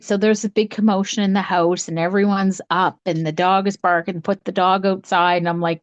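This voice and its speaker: A middle-aged woman recounts a ghost story in relaxed conversation, her voice leaping up whenever she acts out what people said. The sound is dry and a bit dull, close to the mic with no room around it. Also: a little fast, few pauses, no echo. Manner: animated, acts out quotes with big pitch jumps. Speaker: podcast co-host, psychic. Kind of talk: casual storytelling chat.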